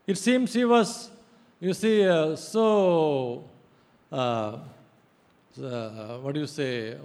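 A male pastor giving a sermon, emphatic and halting, with frequent hesitations. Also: on the high side, expressive, darkish tone. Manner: emphatic preaching with many hesitations. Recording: long reverb of a hall.

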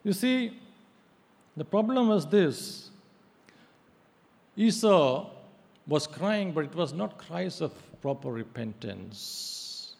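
A male pastor giving a sermon, emphatic and halting, with frequent hesitations. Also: fairly high pitch, sing-song, vocal fry, a little mellow. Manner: emphatic preaching with many hesitations. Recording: long reverb of a hall.

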